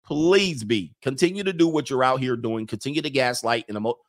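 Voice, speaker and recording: A man's voice: mid-range voice, fairly quick, soft background music. A man hosting a livestream, reading chat comments and mocking them in a brash, joking way.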